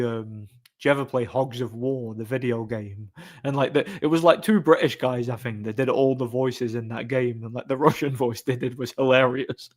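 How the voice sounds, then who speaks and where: A man chatting casually on a live stream, answering chat in a blunt, opinionated, rambling way. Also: medium pitch.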